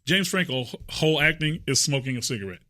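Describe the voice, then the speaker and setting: Bright-voiced stammering man podcaster. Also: fairly high pitch, fast talker, no room sound. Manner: stammering, repeats words when excited. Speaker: podcast host. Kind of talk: casual chat.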